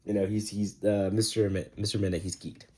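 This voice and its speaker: A young man talks through a book review in a loose, rambling way, leaning on slang and filler words. His voice sits low, with a soft, mellow tone. He chats easily, like he is talking to friends. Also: little pitch movement, fairly quick.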